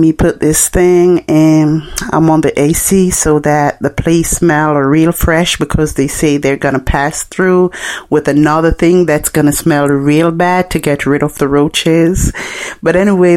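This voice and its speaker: A woman's voice: low voice, darkish tone. A woman from Jamaica with a Jamaican accent hosting a podcast and chatting through funny stories. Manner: chatty, joking, laughing between lines. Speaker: podcast host. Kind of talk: casual storytelling monologue.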